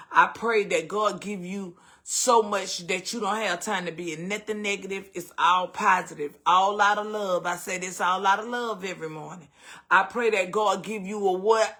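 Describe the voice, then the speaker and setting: A man with a Southern US accent hosting a morning live stream, warmly greeting viewers by name, calling everyone baby and breaking into whoops and shouts. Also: high voice.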